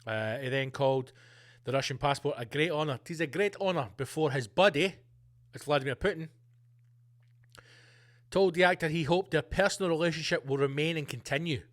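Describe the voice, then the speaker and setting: Male comedy podcast host, high-voiced, loud and profane ranting. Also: a little fast, long pauses. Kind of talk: comedic rant.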